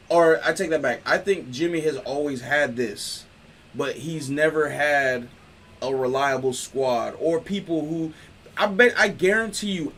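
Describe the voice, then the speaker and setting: A man's voice: fairly high pitch, a bit bright, a little hiss or hum. Laid-back slangy man talking sports. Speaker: host. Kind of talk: casual sports talk.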